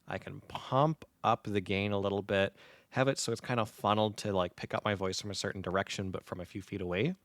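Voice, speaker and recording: A man in his thirties spins a lively tale in relaxed podcast chat, his low voice sitting right on a close microphone. The sound is dry and intimate, with no room around it. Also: fairly quick, no room sound. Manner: animated storyteller, acts out quoted gamers. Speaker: podcast co-host. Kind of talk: casual chat. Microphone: close dynamic podcast mic.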